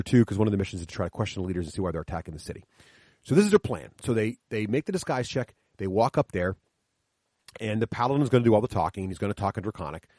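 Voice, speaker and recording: Middle-aged guy rattling off his kids' d&d stories, quick and super lively, dry close sound. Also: on the low side, dry recording. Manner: enthusiastic, explains rules step by step, acts out players' lines. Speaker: podcast guest explaining his tabletop games with kids. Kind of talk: animated storytelling chat. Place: coffee shop, sit-down chat.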